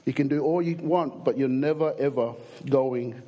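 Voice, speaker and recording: A young adult man with an Australian accent preaching a sermon, an animated, jokey storyteller who acts out the people in his stories. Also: mid-range voice, normal speed, lo-fi sound.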